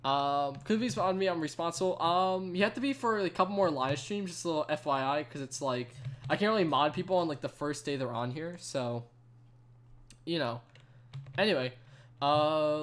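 A young man is streaming a game live, out of breath as he rambles and chats casually. His voice is on the high side and a bit bright, and he says "like" a lot.

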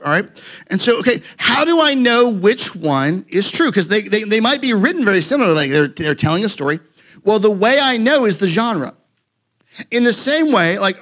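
Standing before a congregation in a church sanctuary, a pastor delivers his sermon like a relaxed, jokey conversation, full of fillers and restarts. He has a high voice with a fairly bright tone.

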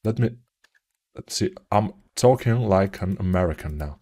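A middle-aged 3D art tutor with a Bulgarian accent leads a live, commented modeling tutorial, rambling along with silly jokes, self-mocking asides and wisecracks. His voice is deep, warm and animated, at a normal speed.

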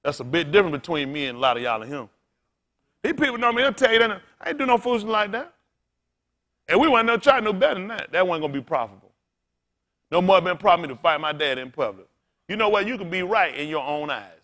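A man preaching a sermon in a high, bright voice that cuts through the room. He talks bluntly and casually, swears freely and keeps throwing questions at his listeners. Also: expressive, fast talker. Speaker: pastor.

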